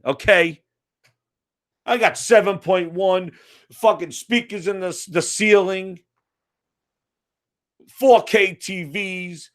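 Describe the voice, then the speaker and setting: American guy with a high voice going off about a game, cursing constantly, fed up and sarcastic. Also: fairly bright tone. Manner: profane, exasperated, sarcastic ranting. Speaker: gaming commentator. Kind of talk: ranting monologue.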